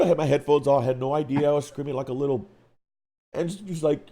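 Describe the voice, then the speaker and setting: A man co-hosting a live stream, telling a gaming story in an animated way, acting out voices and screams. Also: medium pitch, fast. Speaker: co-host of a hobby live stream.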